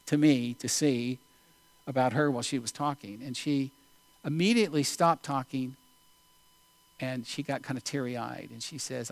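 A male preacher giving a sermon, telling a story in an unhurried, deliberate way with pauses. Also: medium pitch.

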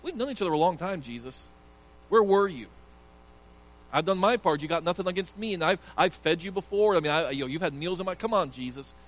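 A man's voice: sits high, expressive, a little fast, fairly bright tone, voice pushed up. A man preaching while voicing a grieving, frustrated woman who pleads and accuses her friend of letting her down. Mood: pleading. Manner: pleading, indignant, rising. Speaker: pastor.

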